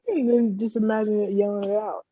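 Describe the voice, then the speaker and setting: A woman's voice: mid-range voice, fairly quick, no room sound, narrow, tinny audio. A woman co-hosting a podcast in casual chat, playful and sassy, laughing often. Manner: playful, giggly, sassy slang. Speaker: podcast co-host. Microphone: studio podcast mic.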